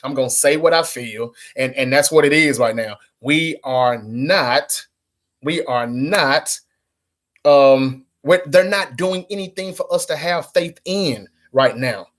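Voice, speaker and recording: A man's voice: a little high, moderate pace, hardly any pauses. A man hosting a sports fan channel, ranting bluntly and with frustration to camera, swearing and repeating himself. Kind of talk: casual fan rant to camera.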